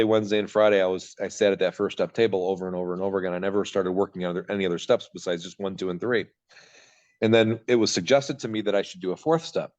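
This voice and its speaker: Fast-talking low-voiced man, raw and candid. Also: a little mellow, highs cut off. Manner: raw, rambling, swears freely. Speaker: podcast guest. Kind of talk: candid personal recovery story.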